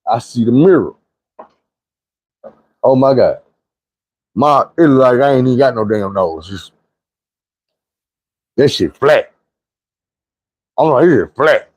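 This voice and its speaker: A man's voice: medium pitch, animated, takes it slowly, pauses often, dry recording, poor audio. A young man telling a profane, vivid personal story in a casual monologue. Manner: vivid, profane retelling with shouted quotes.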